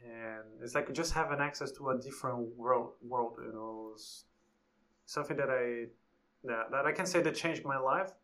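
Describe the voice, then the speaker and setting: A man's voice: medium pitch, moderate pace, a bit bright. A man co-hosting a podcast in a casual chat, thoughtful and often restarting his sentences. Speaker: podcast co-host.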